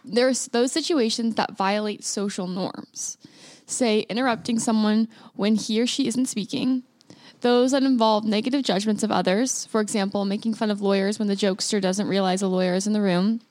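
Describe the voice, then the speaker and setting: A woman's voice: mid-range voice, steady tone, moderate pace, a little mellow, no room sound. A woman co-hosting a podcast, speaking in a thoughtful, earnest way and reading an article aloud. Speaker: podcast co-host.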